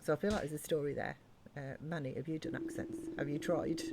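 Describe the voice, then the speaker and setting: A woman chatting casually and softly on a gaming live stream, rambling with many fillers. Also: sits low, fairly even intonation, fairly quick, noisy background.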